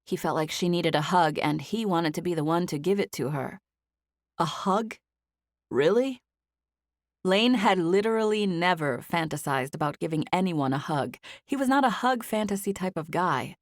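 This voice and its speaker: Female audiobook narrator, low and measured, dry studio. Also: no echo. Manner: even, measured storytelling. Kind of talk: scripted narration.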